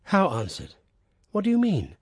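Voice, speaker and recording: A man's voice: high-pitched, huge pitch swings, moderate pace, slightly rough, no echo, studio quality, voice pushed up, full character voice. A man voicing an earnest king who presses his questions in a storybook reading. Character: earnest male king seeking answers.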